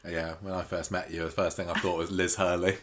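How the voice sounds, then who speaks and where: A man's voice: low voice, little pitch movement, fairly quick. A man co-hosting a casual podcast, joking and teasing, laughing often. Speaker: podcast co-host. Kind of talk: casual chat recapping a soap.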